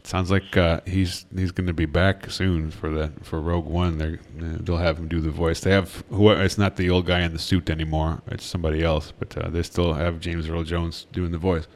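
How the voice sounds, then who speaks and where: Co-hosting a podcast, this man talks in a low voice with little pitch movement, at a moderate pace and with few pauses, over a slight hiss or hum. His casual chat wanders, full of fillers and restarts.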